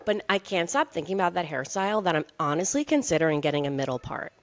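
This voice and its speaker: Low-voiced chatty woman co-host. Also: animated, fast. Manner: chatty storyteller, many "like" fillers. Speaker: podcast co-host. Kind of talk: casual chat.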